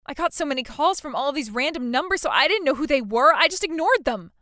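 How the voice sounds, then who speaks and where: A whiny, entitled young bride, played by a woman, stammering and demanding in a dramatized text-message story. Her voice sits high, and the recording is dry and close-miked. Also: expressive, fast, bright, forceful tone, no room sound. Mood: dazed.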